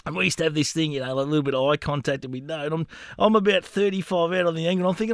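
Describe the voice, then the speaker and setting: A man's voice: fairly high pitch, racing, no room sound, clean studio sound. A man in his thirties, hosting a podcast and telling a rambling, funny story in casual chat, often laughing at himself. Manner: animated yarn-spinning, laughing at his own stories. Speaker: podcast host.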